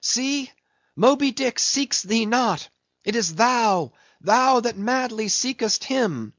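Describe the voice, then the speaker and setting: Man doing a higher, anxious mate, pleading; dry, slightly muffled sound. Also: animated, takes it slowly, a bit bright, no echo, full character voice. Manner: pleading, raised voice.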